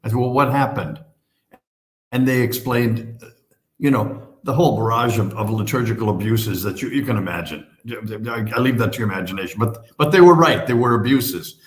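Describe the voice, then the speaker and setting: A Catholic priest speaks in a measured, earnest way. His voice has an ordinary pitch for a man. The sound comes from a played-back clip with a roomy echo. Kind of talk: earnest recounting of a story.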